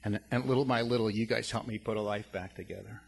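A man's voice: lowish voice, steady tone, fast talker, gravelly, a little hiss or hum. A man in his fifties telling his recovery story to a support group, rambling with restarts and fillers. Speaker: recovery meeting speaker. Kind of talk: personal testimony to a recovery group.

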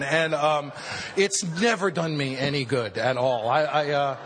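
Man, fifties, bright forceful voice, self-deprecating storyteller, faint background hiss. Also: on the high side. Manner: wry, self-deprecating, halting at times. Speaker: speaker sharing a recovery story. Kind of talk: personal storytelling talk.

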